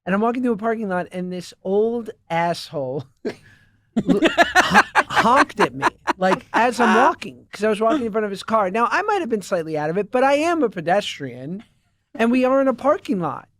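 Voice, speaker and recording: A man's voice: high-pitched, very animated, normal speed, fairly bright tone, no echo. A man co-hosting a podcast, telling a funny story playfully and acting out quoted lines. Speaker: podcast co-host. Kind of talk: casual comedic storytelling.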